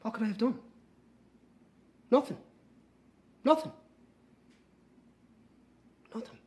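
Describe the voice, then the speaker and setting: An actor with an Irish accent playing a young man, her lost twin, speaking in a hushed, brooding dramatic monologue for an audio drama. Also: very high-pitched, slow. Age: young adult.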